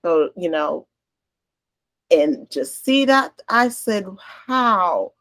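A woman's voice: on the low side, sing-song, very slow, fairly bright tone, no room sound. A woman co-hosting a podcast, telling stories bluntly and candidly in casual chat. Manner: blunt, candid storytelling with swearing. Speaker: podcast co-host.

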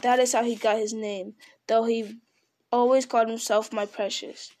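A woman reading a fantasy storybook aloud, unhurried, with small slips and restarts. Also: on the high side, flat delivery, a little mellow. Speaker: reader.

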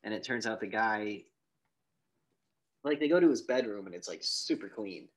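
On a rough recording, a man with a lowish voice speaking at normal speed co-hosts a podcast, casually chatting in a movie review. He retells a film's plot with animation and acts out its lines.

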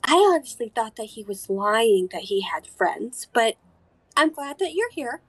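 A woman's voice: fairly high pitch, sing-song, unhurried, dry recording. A woman putting on a chirpy little old waitress lady. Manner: doting, calls people honey and sweetie.

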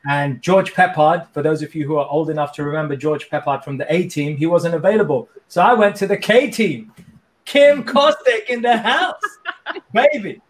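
Male guest, joking and energetic, higher-pitched voice. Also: fairly quick, few pauses. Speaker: coach and guest. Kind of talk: casual interview chat.

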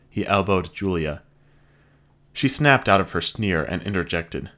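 A man narrating a science-fiction story in an expressive, dramatic reading style. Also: deep voice, normal speed. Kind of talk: scripted audiobook narration.

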